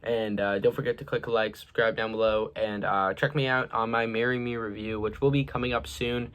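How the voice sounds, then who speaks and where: Young male reviewer, low-pitched, loose and rambling, lots of "like" and "uh", trails off at sentence ends. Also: flat delivery, fairly quick, fairly bright tone. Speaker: movie reviewer. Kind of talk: casual movie review.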